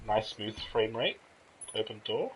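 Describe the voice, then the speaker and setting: A man's voice: on the low side, sing-song, measured pace, fairly bright tone, slight background noise, low-quality recording. A man casually commenting while he plays and streams a game, thinking aloud and reacting as he explores. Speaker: let's play streamer.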